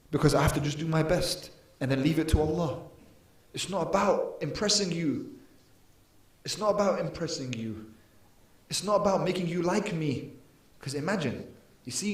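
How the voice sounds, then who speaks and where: A man giving an earnest mosque lecture, emphatic, with sudden rises and drops in volume. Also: a little high. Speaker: preacher. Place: mosque hall. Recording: echoey mosque hall.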